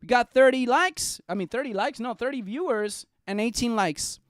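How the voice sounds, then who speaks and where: A young man hosting a casual stock market live stream, excitable and jokey, chatting straight to his viewers. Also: very high-pitched, moderate pace, no room sound, clean studio sound.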